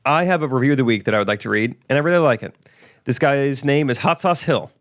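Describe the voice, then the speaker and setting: A man's voice: medium pitch, no room sound, studio quality. A man co-hosting a podcast, joking around and reading out a listener review. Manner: joking, quick to laugh. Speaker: podcast co-host.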